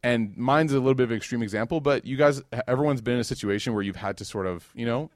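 With a mid-range voice and a quick pace, an American man gives a casual religious talk with plenty of humor. He animates his stories by performing the dialogue, and the sound is dry, studio-quality.

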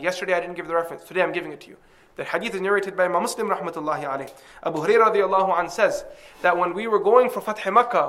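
Guy preaching to a crowd, quick and fired up, high bright voice. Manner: impassioned, emphatic, recites Arabic quotations. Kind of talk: religious lecture to an audience.

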